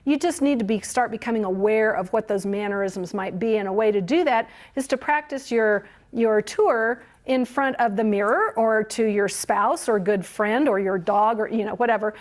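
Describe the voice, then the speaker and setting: A woman running a training session for museum tour guides, speaking in a fairly high voice. She is animated and encouraging, and she laughs easily between her points. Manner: lively, encouraging, laughs often. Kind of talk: training workshop talk.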